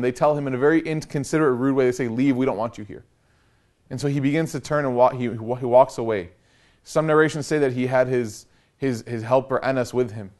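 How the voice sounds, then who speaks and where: Animated young male lecturer telling a story. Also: medium pitch. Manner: animated storytelling, rising to urgent emphasis, casual fillers like "like" and "right". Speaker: Islamic lecturer. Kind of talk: lecture sermon.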